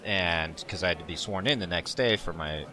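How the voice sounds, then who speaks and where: A man co-hosting a podcast, telling a story in a casual, animated way and laughing often. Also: deep voice, normal speed, crowd noise. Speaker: podcast co-host.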